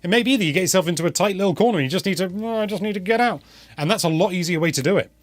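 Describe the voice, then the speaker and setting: A young man hosts a casual live Q&A stream, speaking rapid-fire in a voice that sits high. He's chatty and rambling, often correcting himself mid-sentence, and there's no room sound.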